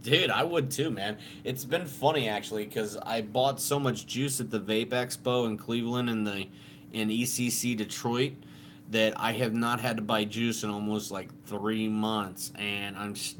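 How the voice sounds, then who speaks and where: A man's voice: fairly low pitch, a bit bright, slight background noise. A man co-hosting a live stream in casual chat, laid-back and swearing freely.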